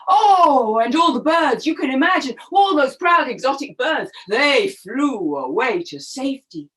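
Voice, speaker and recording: A woman storyteller telling a story to young children, expressive and animated, asking them questions as she goes. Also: high voice, moderate pace.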